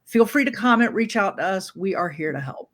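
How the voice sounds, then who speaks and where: A woman's voice: medium pitch, lively intonation, fairly quick. A woman hosting a reselling show, introducing a video in a chatty, slightly scattered, upbeat way.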